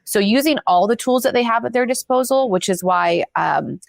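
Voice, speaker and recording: Woman w a gravelly low voice, earnest leadership advice, dry close sound. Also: expressive, moderate pace, no echo. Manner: earnest, explanatory. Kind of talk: advice-giving leadership talk.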